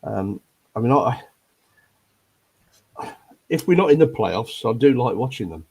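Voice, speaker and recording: A man's voice: mid-range voice, lively intonation, unhurried, creaky, a little mellow, husky. An older man from Leicester, grumbling his way through a rambling casual chat about football on a fan panel. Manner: grumbling, rambling with many ums.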